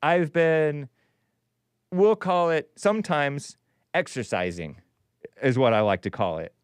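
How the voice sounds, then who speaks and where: A man's voice: a little high, slow, smooth, dry recording. A man hosting a call-in show, reading news aloud with sarcastic, rambling asides and chuckles. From California. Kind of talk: casual live-stream commentary.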